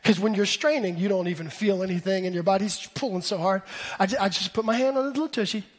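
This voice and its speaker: A man in his thirties preaching a sermon in an animated way, building up to shouts. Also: high-pitched, fast talker, husky. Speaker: pastor.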